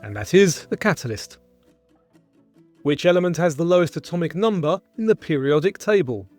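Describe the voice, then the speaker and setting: Male quiz host, animated delivery, measured question reading. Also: fairly high pitch, soft background music. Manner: reads questions and answer choices in a clear, measured way. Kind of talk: scripted quiz show presenting.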